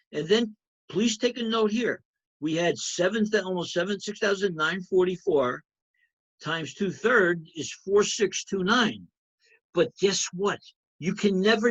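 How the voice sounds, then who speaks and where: A man's voice: fairly high pitch, muffled recording. A man teaching an accounting review lecture, emphatic, repeating key points and checking in with students. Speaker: accounting instructor.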